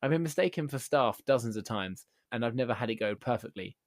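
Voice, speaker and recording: A male podcast host recounts an anecdote in a casual, deadpan and amused manner. His lively voice rises and falls expressively as he tells the story. The sound is close and dry, with no room around him. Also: mid-range voice, a little fast, no echo.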